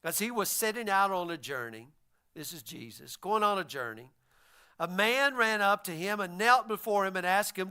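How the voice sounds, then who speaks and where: Lively high-voiced preacher man. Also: normal speed, smooth. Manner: animated storytelling, acting out voices of the figures. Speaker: pastor. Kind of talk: sermon.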